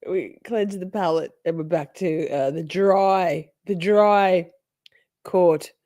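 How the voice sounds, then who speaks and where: A woman chatting casually as she reacts to a trial, giggly and playful, swinging from soft whispers to high squeals. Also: slow pace, no room sound, studio quality.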